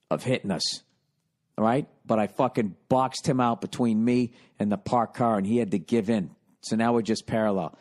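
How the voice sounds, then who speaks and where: A man in his forties from the United States, hosting a podcast, telling comedic stories in a profane, animated rant. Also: mid-range voice. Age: 40s. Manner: profane, animated, loud when retelling. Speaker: podcast host.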